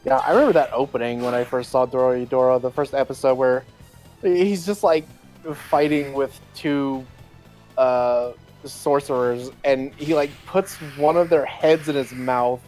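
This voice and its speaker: Slow, relaxed stream co-host. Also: mid-range voice. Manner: relaxed, swears casually, laughs along. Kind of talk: casual stream chat. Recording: faint game music behind.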